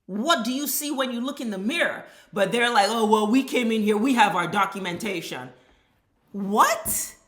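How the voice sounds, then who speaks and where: A woman rants on camera in blunt, heated, profanity-heavy commentary. Her voice is bright and forceful, and it bounces around an echoey room. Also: on the high side. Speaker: vlogger. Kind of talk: ranting social commentary.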